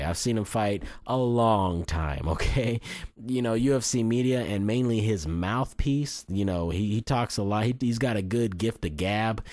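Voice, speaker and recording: Deep-voiced, blunt, cocky man. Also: darkish tone, no room sound, studio quality. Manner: blunt, boastful and cocky, with frequent restarts and mild swearing. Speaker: fight commentator and video host. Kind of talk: casual opinionated fight predictions.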